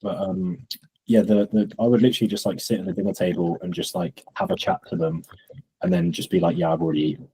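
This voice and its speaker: Low, husky-voiced man. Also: fast talker, poor audio. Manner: relaxed storytelling, acts out quoted clients. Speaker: fitness coach, podcast co-host. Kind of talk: casual podcast chat.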